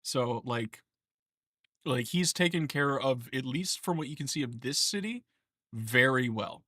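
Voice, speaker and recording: A man's voice: medium pitch, expressive, a little slow, sharp tone, dry recording, studio quality. A young man running a tabletop game as game master, chatting casually, joking, laughing and swearing a lot.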